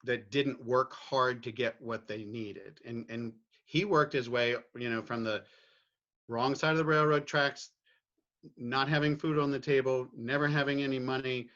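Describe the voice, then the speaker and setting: A man's voice: mid-range voice, fairly even intonation, normal speed, a bit bright, dull audio. A middle-aged man from Virginia, a podcast guest speaking candidly and reflectively about his family and his views, often restarting his phrases and checking in with "right?". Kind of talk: candid personal conversation.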